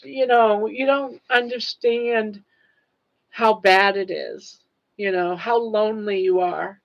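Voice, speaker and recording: A woman's voice: medium pitch, dull audio. An older woman hosting a casual livestream chat, tearful and earnest as she talks straight to her viewers. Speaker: livestream host.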